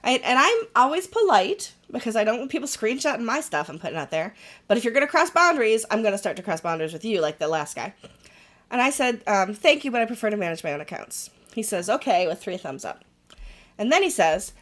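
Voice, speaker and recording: Lively, animated woman telling a story. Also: a little high, brisk. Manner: animated storytelling, acts out quoted messages; frank, wry. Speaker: podcast co-host. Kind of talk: casual podcast chat.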